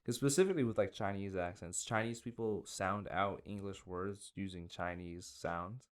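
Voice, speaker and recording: A man's voice: low voice, moderate pace. A young man hosting a casual comedy podcast, rambling and hesitant, full of fillers, with a teasing, mock-boastful streak. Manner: rambling and hesitant, many fillers and trailing thoughts. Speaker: podcast host. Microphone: wearing headphones at a podcast mic.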